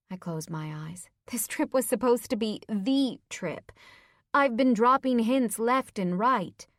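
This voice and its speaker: A woman narrates a first-person romance audiobook with a mid-range voice. She reads expressively and lifts her pitch on the heroine's lines. The sound is dry and close-miked, with no room echo. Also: sing-song, unhurried.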